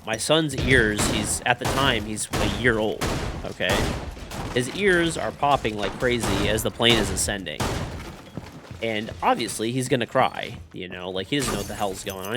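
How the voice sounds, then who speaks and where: Animated swearing male streamer. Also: fairly low pitch, background noise. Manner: animated storyteller, swears a lot. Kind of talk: casual chat while gaming.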